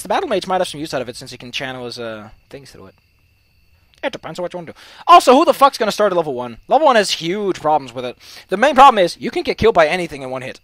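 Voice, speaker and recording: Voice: medium pitch, no room sound. A let's play commentator ranting heatedly about game rules, swearing often while reacting to a game. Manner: profane, heated, animated ranting.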